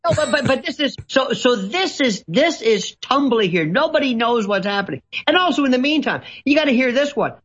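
A man's voice: extremely high pitch, lively intonation, a little fast, few pauses, a bit bright, husky. A man speaking as a guest commentator, theatrical and sarcastic, with an ornate vocabulary and mocking put-on voices. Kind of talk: ranting talk-show commentary. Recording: dull lo-fi audio.

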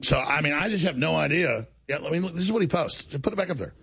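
A man's voice: a little high, expressive, fast, vocal fry, fairly bright tone, husky. A man hosting a talk show, delivering an indignant monologue and acting out other people's lines as he tells the story. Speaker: show host.

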